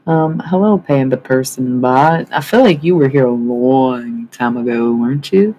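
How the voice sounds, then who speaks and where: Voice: mid-range voice, measured pace, mellow, slight background noise, low-quality recording. A livestreamer talking casually and swearing a lot, rambling with many fillers while claiming to channel spirits. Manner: rambling, profane, lots of fillers.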